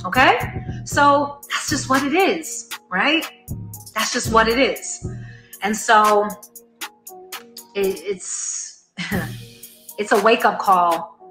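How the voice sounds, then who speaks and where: A woman's voice: on the high side, expressive, drawn-out words, pauses often, bright, forceful tone, roomy sound, faint music behind. A woman giving an earnest, emphatic commentary, explaining things to her audience. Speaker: commentator and former cult member. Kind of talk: commentary monologue.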